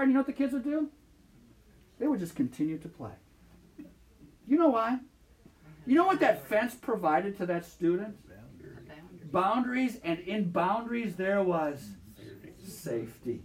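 High-pitched preacher guy, voice swoops up and down a lot, keeps asking the room "okay?". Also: measured pace, pauses often. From Michigan. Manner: animated, checks in with listeners often. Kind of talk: sermon.

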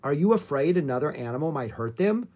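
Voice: medium pitch, sing-song, a little fast, mellow, slightly rough. Give me a cautious young boy from a storybook, sensible and worried, as the reader puts him on. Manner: cautious, reasoning.

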